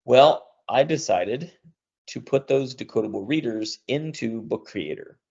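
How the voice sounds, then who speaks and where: A man's voice: mid-range voice, animated, measured pace, creaky, darkish tone, husky, lo-fi sound. A man in his thirties giving a live webinar demo, upbeat and chatty, with lots of "all right" as he moves along. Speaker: webinar presenter.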